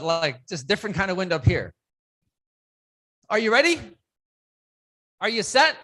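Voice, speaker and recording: Lively, bright keynote speaker rousing a crowd. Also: medium pitch. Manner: energetic, leads the crowd in call-and-response and counts; breaks into loud shouts to rouse the audience. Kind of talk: motivational speech with audience participation. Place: conference room with a live audience.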